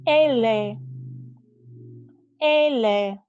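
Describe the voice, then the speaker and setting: A woman teaching the Spanish alphabet, saying each word slowly and repeating it for learners. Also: on the high side, fairly even intonation, a little mellow, no room sound. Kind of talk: slow alphabet pronunciation lesson. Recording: dull lo-fi dry audio.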